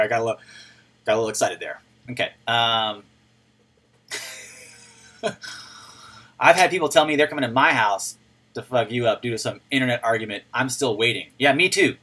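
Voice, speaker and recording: A man hosting a casual crypto livestream, excitable, laughing often and breaking into yells, on a turned-up microphone. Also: mid-range voice.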